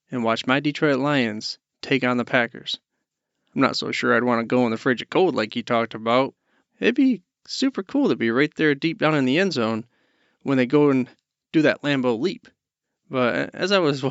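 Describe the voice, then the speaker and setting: A man's voice: mid-range voice, fairly bright tone, clear, resonant tone, no room sound. A male podcast host giving casual commentary between listener clips, chuckling as he retells a story. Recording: dull dry studio sound.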